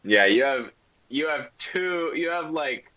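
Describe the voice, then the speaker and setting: Slow rambling game master, bright voice. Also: male voice, a little high, lively intonation, lo-fi sound. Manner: rambling, full of "like" and "um". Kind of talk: narrating a tabletop game.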